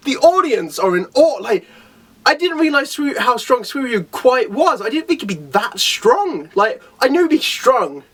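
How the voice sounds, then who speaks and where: A man chatting excitedly about a comic chapter, laughing often and briefly acting out the characters' lines. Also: high voice, normal speed, husky, far from the mic. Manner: animated, laughs often, quotes characters in little voices. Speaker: anime reviewer. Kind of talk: excited casual chat.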